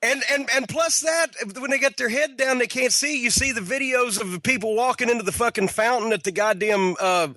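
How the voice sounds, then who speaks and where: A man's voice: very high-pitched, brisk, hardly any pauses, sharp tone, no room sound. A man hosting a podcast interview, talking emphatically with strong opinions and the odd swear. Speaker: podcast host.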